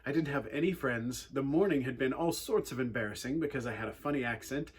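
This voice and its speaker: A man with an English accent, telling a personal story in an animated, wry and earnest way as a youth speaker. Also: mid-range voice, fast talker, husky. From England.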